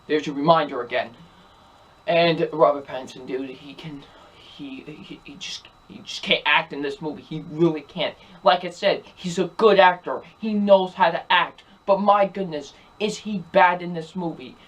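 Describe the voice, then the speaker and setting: A movie reviewer in full rant, exasperated and emphatic. The talk keeps looping back to the same complaints, hammering each point with repetition. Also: medium pitch. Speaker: film reviewer.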